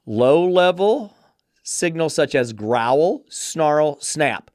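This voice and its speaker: A man's voice: fairly high pitch, expressive, takes it slowly, no room sound, studio quality. A man hosting a podcast about dog training, ranting bluntly and sarcastically, swearing freely as he gets fired up. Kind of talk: podcast rant.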